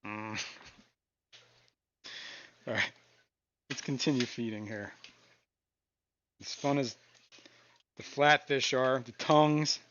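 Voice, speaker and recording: A man hosting a casual live stream from his fish room, talking in a relaxed, rambling way with frequent chuckles. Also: mid-range voice, drawn-out words, long pauses, lo-fi sound. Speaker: aquarium stream host.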